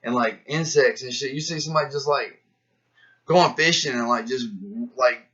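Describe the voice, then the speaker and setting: A man talking in a rambling, profane, slangy monologue about life and philosophy, getting animated as he acts out his own inner voices. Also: medium pitch, normal speed. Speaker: rapper musing to camera. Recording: dull lo-fi sound.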